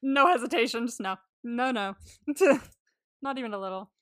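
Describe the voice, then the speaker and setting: A woman's voice: on the high side, normal speed, a crowd in the background. A woman co-hosting a podcast, chatting casually and animatedly, swearing freely, laughing often and acting out quotes. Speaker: podcast co-host. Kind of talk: casual recap chat.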